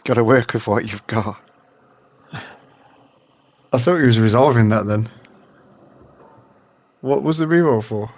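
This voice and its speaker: An English man commentating a card game match in a relaxed, reactive way. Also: medium pitch, measured pace, long pauses, no room sound. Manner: relaxed, reactive, laughs often. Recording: dry, dull lo-fi stream audio.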